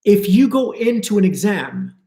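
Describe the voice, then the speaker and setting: A man's voice: high voice, sing-song, normal speed, vocal fry, dark tone, echoey room. A man giving a live spiritual talk to his viewers, earnest and flowing, repeating words for emphasis. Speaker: spiritual teacher.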